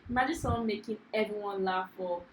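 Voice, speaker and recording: A woman's voice: mid-range voice, fast, reverberant, slight background noise, poor audio. A woman co-hosting a reaction video, chatting with enthusiasm about a comedian. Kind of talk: casual reaction chat.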